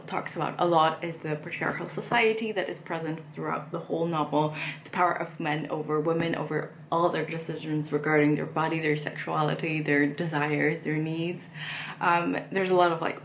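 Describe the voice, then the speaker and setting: A woman's voice: deep voice, roomy sound, slight background noise. A woman chatting casually about books she read and plans to read, rambling with frequent fillers. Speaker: book vlogger. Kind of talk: casual book chat.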